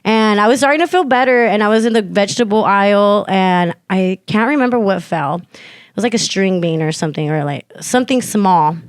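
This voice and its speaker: A young woman co-hosts a podcast and tells a story in loose, casual chat, heavy on fillers, swearing freely and loudly acting out the quotes. Her medium-pitched voice is brisk and smooth, captured as clean studio sound with no room noise.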